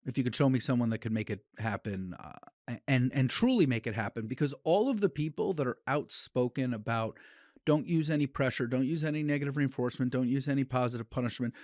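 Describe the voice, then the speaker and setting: A man of middle pitch speaks on a solo podcast as a dog trainer. His delivery is blunt and opinionated, coming in quick bursts with restarts. The recording is close and dry, with no room sound. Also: darkish tone, no echo.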